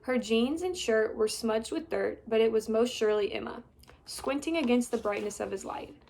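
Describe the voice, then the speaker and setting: A woman in her twenties reading a children's chapter book aloud in a steady, clear way. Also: fairly high pitch, moderate pace. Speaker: storybook reader. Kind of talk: children's story read-aloud.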